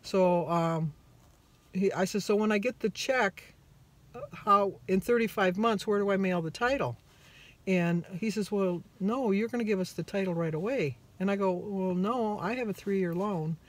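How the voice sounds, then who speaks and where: Speaking at a medium pitch and moderate pace, a woman shares her weight-loss journey in a chatty vlog. She's upbeat and self-deprecating, an animated storyteller who voices both people in the conversations she recounts.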